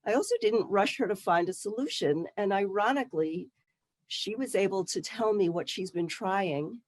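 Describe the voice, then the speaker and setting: A woman leads a workshop on listening, speaking in a calm, reflective and explanatory way. Her voice is mid-pitched and recorded dry, with no room around it. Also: moderate pace, no echo. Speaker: workshop facilitator. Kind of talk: teaching through role-play.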